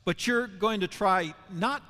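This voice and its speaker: A man's voice: sits high, a little slow, bright, forceful tone, voice pushed up. A man acting out an insistent protesting disciple. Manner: insistent, rising emphasis. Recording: long hall reverb.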